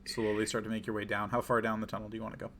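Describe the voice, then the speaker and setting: A man narrating a tabletop game as game master, in a relaxed, descriptive way with fillers. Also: lowish voice, very fast, heavy background noise.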